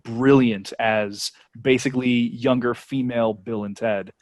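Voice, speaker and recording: A man's voice: medium pitch, a little slow, no room sound. Chatty podcast man, dry close sound. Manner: animated, opinionated, many "you know" fillers. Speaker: podcast co-host. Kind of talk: casual chat.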